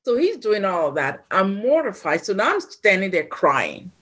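A woman from Ghana, a podcast guest, telling a personal story in an animated way and acting out the voices of the people in it. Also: mid-range voice, normal speed, a little hiss or hum. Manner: animated storyteller who acts out quoted voices.

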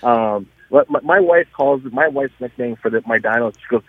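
The dyno shop owner, a guest on a casual radio interview, is an animated storyteller who frequently restarts his sentences. He talks at a moderate pace in a husky, mid-range voice over a tinny phone line, with no room sound.

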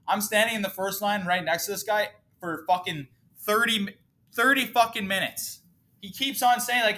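A man's voice: high voice, moderate pace, pushed and bright. A man hosting a casual solo podcast, ranting in a profane, emotional, fired-up way. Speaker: podcast host.

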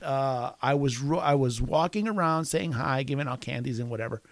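A man's voice: medium pitch, moderate pace, no echo. Man, podcast host, casual storytelling, frequent chuckles, dry close sound. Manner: chuckles often between sentences; self-deprecating, rambling with restarts.

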